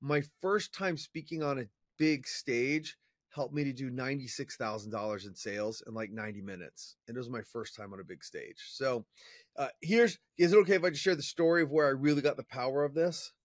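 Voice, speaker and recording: A man as an interview guest, telling a personal story in an energetic, chatty way with fillers and restarts. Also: mid-range voice, a little fast, no echo, clean studio sound. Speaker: interview guest, professional speaker. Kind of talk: casual storytelling in conversation.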